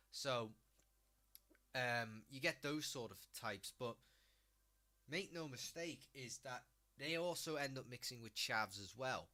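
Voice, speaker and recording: Sweary Scouse man with a bright voice. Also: medium pitch. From Liverpool, England. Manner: blunt, sweary, mocking. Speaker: streamer. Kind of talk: casual ranting commentary.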